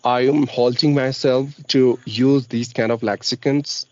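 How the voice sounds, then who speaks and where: A man with an Indian accent, talking about learning English with deliberate, careful pronunciation. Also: mid-range voice, steady tone, dull audio. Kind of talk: casual conversation practice.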